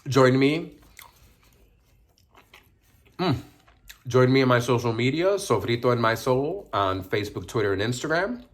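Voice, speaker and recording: A man's voice: medium pitch, animated, measured pace, long pauses. A man vlogging casually while eating a sandwich, chewing as he talks and mixing Spanish phrases into his English. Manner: eats and chews while talking. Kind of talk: casual mukbang vlog.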